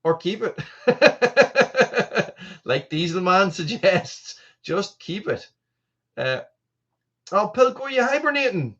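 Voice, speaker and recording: A man's voice: sits high, sing-song, takes it slowly, long pauses, a bit bright, husky, lo-fi sound. An Irish man hosting a live stream, chatting casually while reading viewer comments, often restarting his sentences. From Ireland. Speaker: channel host.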